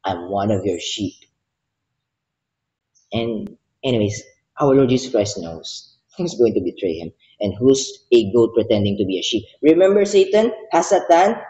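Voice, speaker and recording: A man's voice: mid-range voice, very animated, moderate pace, warm tone, lo-fi sound. A man reading the Bible aloud, commenting on it with emotion and passion, then praying. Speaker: Bible reader. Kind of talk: devotional Bible reading and prayer.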